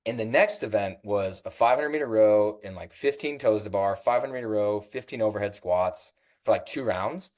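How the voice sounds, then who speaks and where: A middle-aged man, a fitness coach, telling stories as a guest in a casual interview, animated and jumping in pitch when he acts out what people said. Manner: animated, acts out quoted voices with big pitch jumps.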